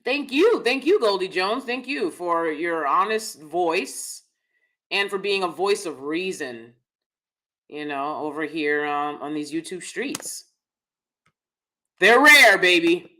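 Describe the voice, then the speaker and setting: A woman's voice: fairly low pitch, expressive, takes it slowly, pushed and bright, slight background noise. A woman hosting a live-stream commentary, talking straight to her viewers in an emphatic, chatty way and repeating her key phrases for stress. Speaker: host.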